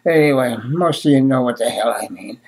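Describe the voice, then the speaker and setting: A man's voice: mid-range voice, fairly quick, creaky, darkish tone. A man ranting casually to the camera in a rambling, exasperated way, swearing often and muttering asides between sighs. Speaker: vlogger.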